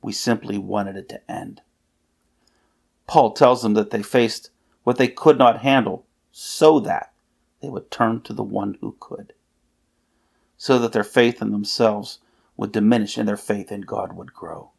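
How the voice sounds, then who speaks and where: A man's voice: fairly low pitch, measured pace, creaky, breathy edge. A man preaching a sermon, earnestly reading scripture aloud with emphasis.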